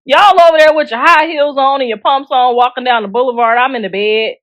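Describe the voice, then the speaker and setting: This show host is a middle-aged woman whose voice sits high and sounds fairly bright, delivered briskly in a dry recording. Her celebrity gossip commentary is casual, blunt and joking, full of laughter and slang aimed right at viewers.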